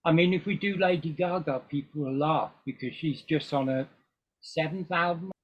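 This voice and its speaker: Older man, fairly high husky voice, rambling guest chat on a dull lo-fi recording. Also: moderate pace. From England. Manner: rambling, with frequent ums and restarts. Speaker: guest musician. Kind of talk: casual interview chat.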